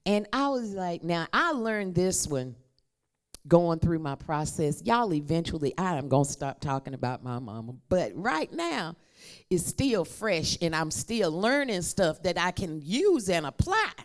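A woman delivering a sermon in an unhurried, easygoing way, calling on her listeners to repeat her words back to her. Her voice sits low, but her pitch climbs and falls a great deal as she preaches. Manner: lively, conversational, leads the congregation to repeat after her. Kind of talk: sermon with call and response.

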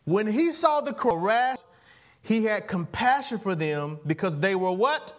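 A man's high-pitched preaching voice that swings widely up and down. He delivers a sermon in a playful, animated way, throwing questions at the congregation and waiting for their amens. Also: unhurried. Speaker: pastor. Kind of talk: sermon with call and response.

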